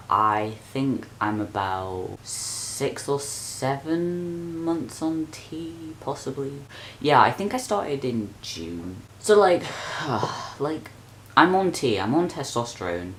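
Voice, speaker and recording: A man's voice: mid-range voice, slow, a little hiss or hum. A young man, talking straight to camera in an exasperated, sweary rant for his vlog. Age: young adult. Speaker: vlogger.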